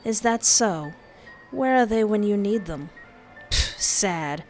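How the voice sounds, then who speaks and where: A woman plays a cheeky teenage boy in a game, mocking others in a dry, unhurried voice. She stays close to her own mid-pitched tone. Faint music sits behind. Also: expressive.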